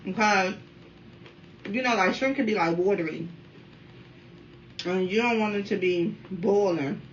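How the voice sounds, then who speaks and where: A woman in her thirties from the Washington, D.C. area, chatting casually while eating on camera at home and keeping up a steady stream of remarks to her viewers. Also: medium pitch, measured pace. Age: 30s. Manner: talkative, keeps addressing viewers as y'all. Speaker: mukbang vlogger. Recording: dull, slightly distant sound with faint room noise.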